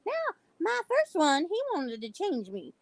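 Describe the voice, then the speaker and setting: A middle-aged woman hosts a casual livestream over a video call. She tells blunt, animated stories in a high voice that swings up and down, laughing often. The sound is dry and close, with no room around it. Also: a little slow, no echo, rough recording. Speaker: livestream host. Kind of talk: casual chat.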